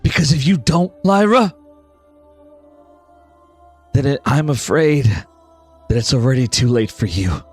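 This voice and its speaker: A man's voice: mid-range voice, lively intonation, slow, long pauses, darkish tone, slightly rough, faint music behind. A man voicing a centuries-old male mentor who loved his student like a daughter, pleading and stern in broken phrases. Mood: anguished pleading.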